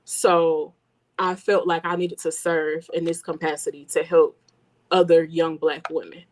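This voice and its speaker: A woman's voice: low-pitched, flat delivery, a little slow, a little hiss or hum. A young adult woman introducing herself as a guest, sincere and a little hesitant. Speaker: guest, career coach.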